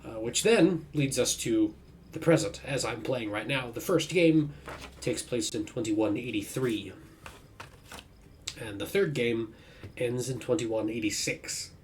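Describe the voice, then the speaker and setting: A man's voice: medium pitch, unhurried. Rambling man commenting on his gameplay. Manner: rambling, self-correcting. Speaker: let's-play host. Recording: faint background noise.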